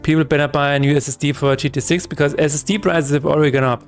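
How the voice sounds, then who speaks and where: A slightly high-voiced man hosts a relaxed coding stream. He jokes, laughs easily and wanders off on playful tangents. Faint guitar music plays underneath him. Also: rapid-fire. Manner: joking, laughs often, rambling asides. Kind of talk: casual live-stream chat while coding.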